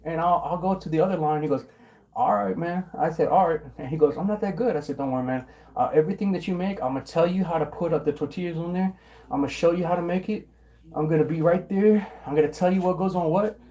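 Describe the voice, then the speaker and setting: A young man casually telling a rambling story about his old job, often restarting words and clearing his throat. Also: on the high side, fast talker, warm tone, muffled recording. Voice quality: occasional throat clearing and coughing. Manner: rambling, repeats words and restarts, mimics coworkers in quotes. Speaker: vlogger.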